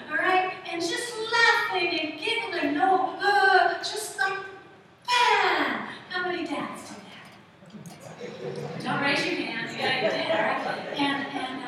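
A woman in her sixties preaches a sermon in a conversational, storytelling style, asking the congregation questions. Her voice sits high and sounds bright and forceful, captured from far off in an echoey hall with audible room noise.

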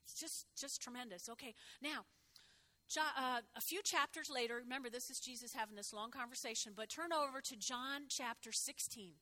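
A woman pastor preaching a lively sermon, calling out to the congregation and prompting them to repeat after her. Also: fairly high pitch, normal speed. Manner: lively, call-and-response with congregation, exclaims.

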